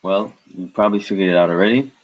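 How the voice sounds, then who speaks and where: In a dull lo-fi recording, a deep-voiced man talks fast as he gives a slow, step-by-step language lesson. He patiently splits words into syllables and says them again.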